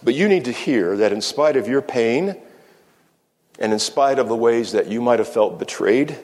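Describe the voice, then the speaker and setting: A male pastor giving a sermon, speaking in measured phrases with slow, emphatic pauses. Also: mid-range voice, expressive, darkish tone. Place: church sanctuary. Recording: long reverb of a church hall.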